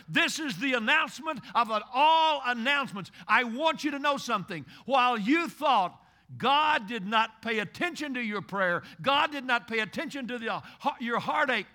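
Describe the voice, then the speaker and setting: A man from Kentucky preaching a sermon in a high, ringing voice. He builds to loud, urgent exhortation, then falls to a hushed, intimate tone. He repeats key phrases to drive them home. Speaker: pastor.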